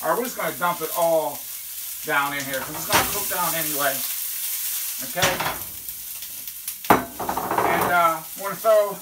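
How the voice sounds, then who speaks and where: A chatty home cook in a kitchen demonstrates a recipe in a relaxed, folksy way, often asking "okay?" and breaking into loud whoops. The voice sits at a middling pitch and comes from a mic set well back. The room is echoey, and frying pans sizzle throughout. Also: a little slow, pauses often, distant mic, heavy background noise. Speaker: home cooking show host. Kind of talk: casual cooking demonstration. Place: kitchen at a stove.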